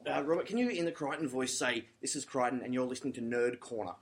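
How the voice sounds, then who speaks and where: A man's voice: medium pitch, quick pace, slight background noise. A man interviewing guests for a podcast, chatty and eager like a fan. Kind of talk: casual interview.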